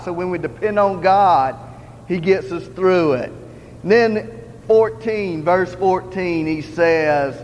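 Man, plain-spoken lay preacher, high voice, dull recording, long church echo. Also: slight background noise. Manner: earnest, repetitive, conversational preaching. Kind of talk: sermon. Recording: dull, roomy hall recording with faint ambience.

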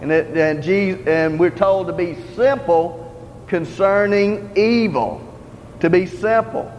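A lay preacher with a high-pitched but darkish voice takes his time through a church sermon, earnest and conversational, circling back to his points. A little hiss or hum rides over a dull, roomy hall recording with faint ambience.

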